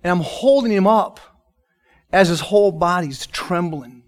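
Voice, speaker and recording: Preaching a little slowly, this pastor tells his personal testimony in a high-pitched, expressive voice. His delivery shifts between hushed, soft moments and loud, emphatic lines.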